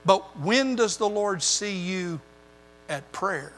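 A man's voice: sits high, lively intonation, slow, fairly bright tone, slight background noise. An older man preaching a sermon as pastor, building emphasis through repeated phrases. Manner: preaching with rising emphasis and repetition. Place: church sanctuary. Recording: long hall reverb.

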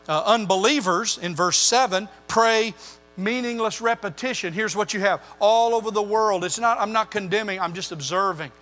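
Older man, pastor, sermon, high bright voice, emphatic repetition, church hall reverb. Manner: preaching with rising emphasis and repetition. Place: church sanctuary.

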